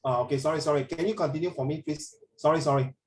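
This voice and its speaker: A man's voice: on the high side, quick pace, a little mellow, roomy sound, distant mic. A male teacher with a Singaporean accent, chatting through an online class in Singlish and bits of Mandarin.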